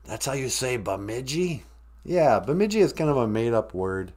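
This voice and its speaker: A man's voice: fairly low pitch, lively intonation, normal speed. A man from northern Minnesota hosting a comedic live-stream podcast, joking and teasing. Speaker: podcast host.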